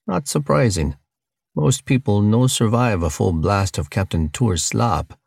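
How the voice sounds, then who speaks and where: A man's voice: on the low side, expressive, a little slow, gravelly, a little mellow, dry recording, studio quality, pitched above the performer's own voice, heavily acted. A man voicing a large, earnest blue alien cellmate who talks in broken, simple grammar.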